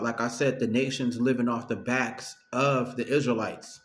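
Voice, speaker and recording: A man in casual discussion, speaking in an emphatic, preachy way. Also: medium pitch. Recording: roomy echoey recording.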